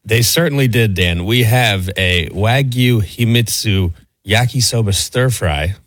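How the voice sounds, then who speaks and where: Relaxed low-voiced male co-host. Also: unhurried, no room sound, studio quality. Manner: relaxed, reading a menu with easygoing asides. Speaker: radio show co-host. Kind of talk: casual radio banter. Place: radio studio.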